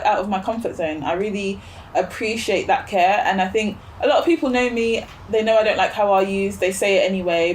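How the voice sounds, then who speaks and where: A woman's voice: medium pitch, a little hiss or hum. Reflective woman guest musing aloud. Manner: reflective, thinks aloud with fillers and rhetorical questions. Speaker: podcast guest. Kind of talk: casual chat.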